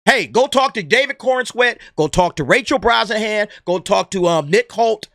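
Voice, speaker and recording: Exasperated high-voiced man ranting. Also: animated, normal speed, sharp tone, dry recording, clean studio sound. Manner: exasperated, blunt, slangy and sarcastic. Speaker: movie commentary vlogger. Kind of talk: ranting opinion commentary.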